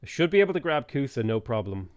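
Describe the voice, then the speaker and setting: A man streaming a strategy game live, thinking aloud in a relaxed way with frequent ums. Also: mid-range voice, quick pace. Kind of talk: live gameplay commentary.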